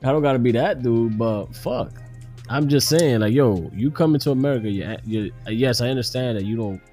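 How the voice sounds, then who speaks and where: A man's voice: mid-range voice, brisk, mellow, faint music behind. A man on a casual podcast, ranting with heavy swearing. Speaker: podcast co-host.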